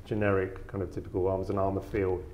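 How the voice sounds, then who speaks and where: A man's voice: low voice, little pitch movement, quick pace, a little mellow, a little hiss or hum. A man from the English Midlands with a faint Birmingham accent, a dealer chatting as a guest in his gallery, hesitant with many ums and a dry wit. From English Midlands, south Birmingham. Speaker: arms and armour dealer, guest. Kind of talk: casual interview chat. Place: his gallery exhibition in New York.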